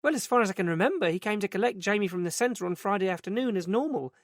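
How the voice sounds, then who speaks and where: A man's voice: sits high, animated, fast talker, no echo, studio quality, voice pushed up. A man voicing a flustered middle-aged woman who runs a day centre, in a raised, fluttery voice. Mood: brisk. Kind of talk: audiobook character reading.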